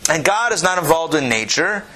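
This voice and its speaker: A man teaching a Torah class, animated, repeating phrases and asking his listeners questions. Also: a little high, fairly quick.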